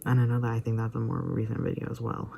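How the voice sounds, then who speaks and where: A man's voice: medium pitch, monotone, fast, gravelly, mellow, slight background noise. A man giving casual, rambling commentary on a video he watched, with lots of fillers and asides that drop almost to a whisper. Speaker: vlogger reacting to a video.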